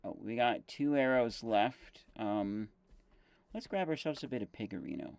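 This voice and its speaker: A man's voice: mid-range voice, expressive, measured pace, creaky, a little mellow, smooth, no room sound. Man rambling over his gameplay. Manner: rambling, thinks aloud with fillers and self-corrections. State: chewing gum. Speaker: streamer. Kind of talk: casual gameplay commentary.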